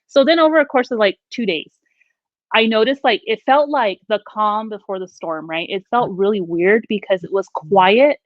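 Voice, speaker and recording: In casual conversation, a woman recounts a ghost story that happened to her, animatedly acting out each quoted line. Her medium-pitched voice moves at a moderate pace with no room sound, and the recording is dull, dry and lo-fi.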